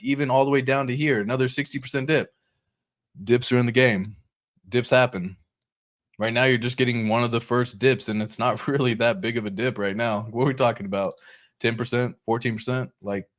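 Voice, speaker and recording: Chatty slangy crypto host. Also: male voice, mid-range voice. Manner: excitable, chatty, slangy, laughs often. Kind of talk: casual market commentary over charts.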